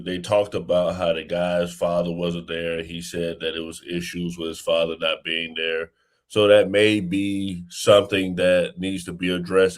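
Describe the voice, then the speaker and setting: A man who is a father, giving his views on a casual podcast panel in a measured way. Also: sits low.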